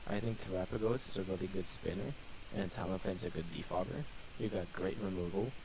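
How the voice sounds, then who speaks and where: Deep gravelly man, noisy mic. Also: brisk. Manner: loose, filler-heavy with lots of "like". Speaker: co-host. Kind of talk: casual podcast chat.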